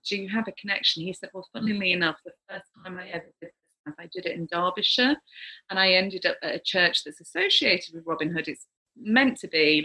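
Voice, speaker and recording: A middle-aged woman, a psychic medium, telling a story with animated energy, gasping and acting out the voices of the people in it. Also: mid-range voice. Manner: lively, gasping, acts out quoted voices.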